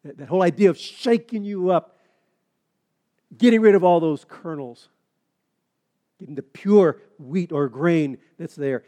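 A man preaches a sermon in a warm, mellow voice that sits a little high for a man. He stumbles and restarts often, then builds into emphatic, rising preaching. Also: measured pace, long pauses. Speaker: pastor.

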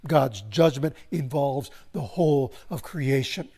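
A man preaching a sermon, swelling to emphasis and slowing into solemn pauses. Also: mid-range voice, darkish tone. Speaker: pastor.

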